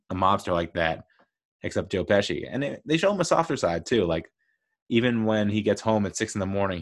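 Deep-voiced man rambling about movies. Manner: rambling and chatty, with frequent laughs and fillers. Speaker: film reviewer. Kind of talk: casual movie review monologue.

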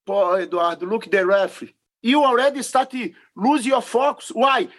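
Male guest, high voice, emphatic and earnest. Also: moderate pace, fairly bright tone. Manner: earnest, broken non-native English, emphatic. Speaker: podcast guest, jiu-jitsu referee. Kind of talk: casual interview talk.

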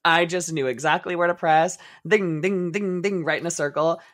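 Animated, profane young man storytelling. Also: a little high, normal speed. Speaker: podcast co-host. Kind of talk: casual chat.

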